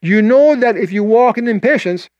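An older man preaching a sermon, telling a story and voicing its people, then slowing down to read scripture. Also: no echo, highs cut off. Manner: animated storyteller, quoting voices with rising pitch, slowing for scripture.

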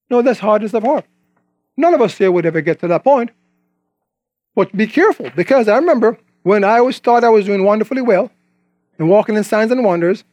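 A man's voice: high-pitched, a little mellow, no echo. A man preaching a sermon in a conversational way, quoting scripture and asking the congregation questions.

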